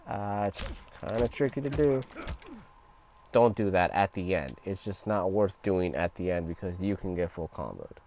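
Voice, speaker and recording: Young man, low-pitched voice, casual swearing game tutorial, faint hiss behind. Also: lively intonation, normal speed, darkish tone. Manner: profane, loose and conversational, talks over gameplay. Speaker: gaming guide creator. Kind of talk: casual gameplay tutorial commentary.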